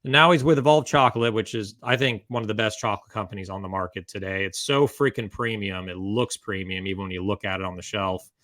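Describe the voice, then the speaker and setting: A man's voice: fairly low pitch, fairly even intonation, fast, hardly any pauses, sharp tone, no room sound. A man hosting a podcast, chatting casually with guests and reading sponsor notes with joking asides. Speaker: podcast host.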